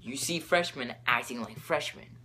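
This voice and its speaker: Excitable teen boy rambling solo. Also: medium pitch, moderate pace, a little hiss or hum. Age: teens. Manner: excitable, jumps topics, lots of fillers. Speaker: podcast host.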